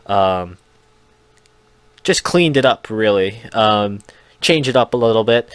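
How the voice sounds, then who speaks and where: A man's voice: on the low side, measured pace, pauses often, a bit bright, dry recording. A Canadian man with a Canadian accent giving rambling, chatty commentary while playing a truck driving game, with lots of fillers and restarts. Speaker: gaming channel host. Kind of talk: casual gameplay commentary. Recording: game engine noise behind voice. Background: truck engine and traffic sounds from the game.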